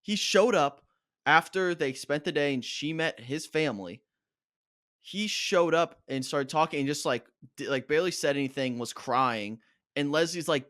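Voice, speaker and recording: A young man co-hosting a casual reaction podcast, talking in an animated, fired-up rant. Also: on the high side, moderate pace, dry recording, clean studio sound. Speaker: podcast co-host.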